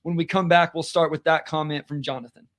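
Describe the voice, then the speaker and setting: Man with a fairly high voice, animated, basketball podcast co-host, casual chat. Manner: animated, quick, reads listener comments aloud.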